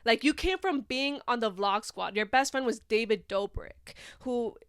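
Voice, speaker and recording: A woman's voice: fairly high pitch, unhurried, a bit bright, smooth, no room sound, clean studio sound. A young woman hosting a casual podcast, talking in a chatty, rambling way with lots of "like". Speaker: podcast host.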